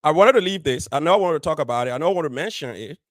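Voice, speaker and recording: A married adult man hosting a community radio show talks right to his audience at a racing pace, animated and firmly emphatic, repeating key phrases. His pitch is fairly high, with no echo in the recording.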